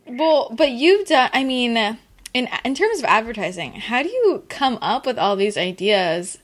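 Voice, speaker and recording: A woman's voice: fairly high pitch, sing-song, measured pace. A woman hosting an interview, asking curious, encouraging questions with some hesitant phrasing. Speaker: interviewer host.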